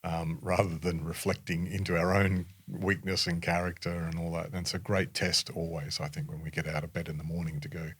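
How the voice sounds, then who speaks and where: A man's voice: low voice, little pitch movement, fairly quick, hardly any pauses, fairly bright tone, breathy edge. A man with an Australian accent, a pastor hosting a conversational interview, affirming his guest often. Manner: affirming, frequent "yeah" backchannels. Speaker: pastor and host.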